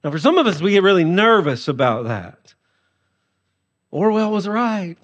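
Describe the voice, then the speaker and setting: A male pastor preaches with humor and a lively, animated manner. His voice sits high for a man. The sound carries a long reverb from a large hall. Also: moderate pace, lo-fi sound. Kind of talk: sermon.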